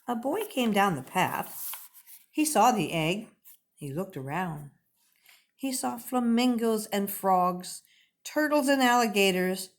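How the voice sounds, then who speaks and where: A woman reading a picture book aloud to young pupils, expressive and clearly paced like a teacher. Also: medium pitch, slow. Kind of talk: children's read-aloud.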